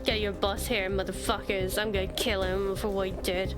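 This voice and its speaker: A woman's voice: medium pitch, flat delivery, normal speed, music in the background, natural voice. Woman reading a foul-mouthed raging attacker. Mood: threatening. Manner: swearing, threatening. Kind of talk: reading game dialogue aloud.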